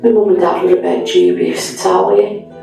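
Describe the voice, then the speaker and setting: A woman telling her story as a miner's wife on stage, chatty and lively, and she acts out the other people's voices. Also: on the low side, moderate pace, gravelly. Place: theatre hall. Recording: echoey hall from far off with music.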